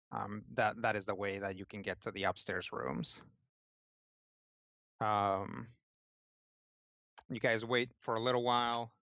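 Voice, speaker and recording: A man's voice: on the low side, sharp tone, smooth, no room sound, muffled recording. A man narrating as game master of a tabletop game, in a loose, casual way full of fillers.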